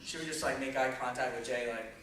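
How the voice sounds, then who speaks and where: A man's voice: mid-range voice, steady tone, fast talker, heavy background noise. A man from Texas telling a rambling, profane story on a convention panel, laughing often. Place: convention hall before an audience. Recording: echoey hall, mic far off, crowd.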